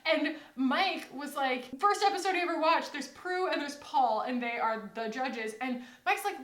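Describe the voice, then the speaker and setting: Young adult woman, from the United States, high voice, casual rambling vlog chat with quoted asides, recorded in an echoey room. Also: fairly quick. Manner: chatty, rambling, quoting others in animated asides. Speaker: beauty vlogger.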